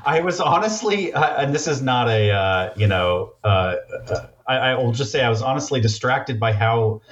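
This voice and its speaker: A man guest on a casual podcast, reacting thoughtfully and slowly to trivia questions. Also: mid-range voice, lively intonation, fairly bright tone. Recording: dull, distant remote mic with faint noise.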